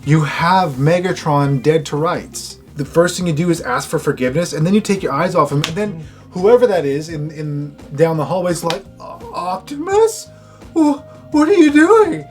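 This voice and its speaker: A man's voice: a little high, normal speed, soft background music. A man co-hosting a casual show review, talking in an exasperated, rhetorical way. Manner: exasperated, rhetorical, mimics characters. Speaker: co-host.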